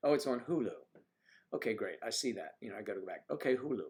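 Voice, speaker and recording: An older man hosting a casual livestream, chatting with viewers in a teasing way and dropping into soft asides. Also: fairly low pitch, animated, fast talker. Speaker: livestream host. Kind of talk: casual chat reading viewer comments. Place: home livestream.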